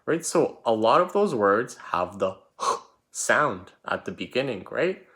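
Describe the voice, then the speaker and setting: Man, spelling teacher, recorded lesson for children, unhurried, patient, animated pitch. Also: slight background noise. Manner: slow, patient, repeats words and letters.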